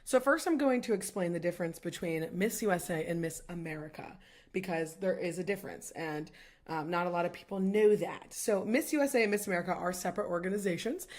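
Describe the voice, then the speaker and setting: A woman's voice: lowish voice, brisk. A young woman co-hosting a podcast, talking casually and filling her speech with "like" and "um". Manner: chatty, fills speech with "like" and "um". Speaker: podcast co-host. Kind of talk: casual chat.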